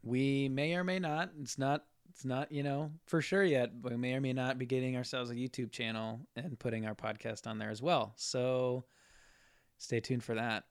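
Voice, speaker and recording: A man's voice: medium pitch, steady tone, normal speed. A man co-hosting a casual podcast chat, laughing often and trailing off into fillers. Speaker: podcast co-host.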